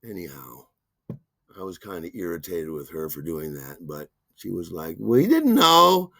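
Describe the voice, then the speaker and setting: A man's voice: a bass voice, normal speed, a little mellow, no echo, clean studio sound. A man hosting a podcast, telling a rambling, self-deprecating personal story full of asides. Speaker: podcast host.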